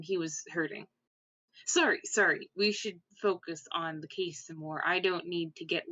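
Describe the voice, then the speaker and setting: A woman playing a composed, guarded character who speaks in a measured, quietly regretful way, on dull lo-fi audio. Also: lowish voice, dry recording.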